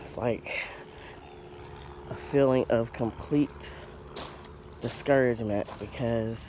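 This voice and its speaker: A man's voice: mid-range voice, steady tone, takes it slowly. A man talks to his camera outdoors in a garden, sounding fed up and discouraged as he walks around. Insects and faint outdoor ambience hum behind his voice. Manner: frustrated, discouraged venting. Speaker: gardening vlogger. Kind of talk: casual vlog talk.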